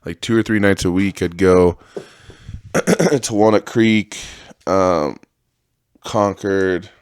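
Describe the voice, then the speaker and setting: Low-voiced man telling rambling, profane stories. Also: slow pace, smooth, no room sound, clean studio sound. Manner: rambling, profane, tells stories acting out the people in them. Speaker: podcast host. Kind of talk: casual storytelling monologue.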